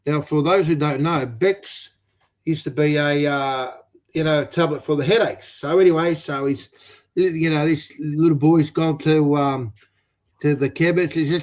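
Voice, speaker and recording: A man telling a crude joke on a footy podcast, rambling and halting with lots of fillers. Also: on the high side, steady tone, darkish tone. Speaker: podcast panelist.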